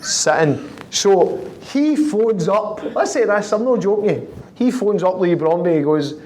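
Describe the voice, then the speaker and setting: A high-pitched male voice with slight background noise belongs to a Glaswegian professional footballer in his thirties. Guesting in an interview in an office high in a city tower, he tells stories in a lively way, chuckling and quickly acting out others' quoted lines.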